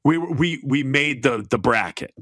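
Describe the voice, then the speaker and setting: A man's voice: mid-range voice, expressive, unhurried, a bit bright, dry recording, clean studio sound. A middle-aged man co-hosting a podcast in casual, rambling, self-deprecating chat. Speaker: podcast co-host.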